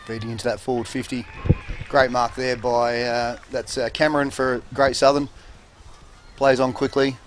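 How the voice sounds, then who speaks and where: A man with an Australian accent commentating a local football game in a relaxed, halting way with many fillers. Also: medium pitch, slight background noise. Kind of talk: casual sports commentary. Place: commentary box at an outdoor oval.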